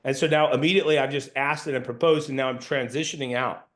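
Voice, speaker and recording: A young man coaching solar salespeople, assertive and talking through sample pitches to customers. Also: steady tone, fast. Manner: assertive, role-plays customer dialogue.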